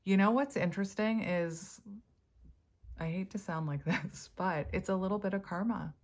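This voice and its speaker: A woman's voice: mid-range voice, moderate pace, darkish tone. A woman giving a casual tarot reading to camera, chatty and thinking aloud as she goes, often breaking into laughter. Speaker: tarot reader.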